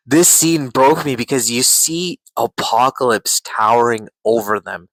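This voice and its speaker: Man, casual excitable reviewer, heavy filler words and cursing; dry close sound. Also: medium pitch, a little slow, no room sound, low-quality recording. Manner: excitable, swears, fills with "like". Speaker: podcast show reviewer.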